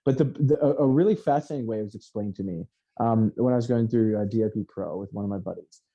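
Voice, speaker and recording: A man in casual motivational chat, talking in an animated, profane self-help style. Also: lowish voice, quick pace, highs cut off.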